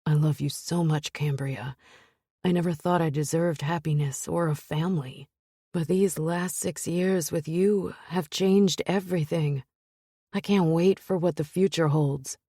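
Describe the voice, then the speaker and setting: A brooding, protective husband, as a woman narrator puts him on, speaking in a low, husky murmur. He talks slowly, with a dark, deep pitch. It is a close, dry audiobook recording. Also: steady tone, no room sound, exaggerated voice. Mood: tender.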